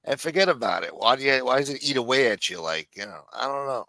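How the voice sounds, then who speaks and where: A male livestream host talking in a blunt, exasperated, profane way. His voice sits at an ordinary middle pitch. The sound is dry and close, with little room around it. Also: lively intonation, quick pace, vocal fry, pushed and bright, no echo, rough recording. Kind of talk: casual livestream chat.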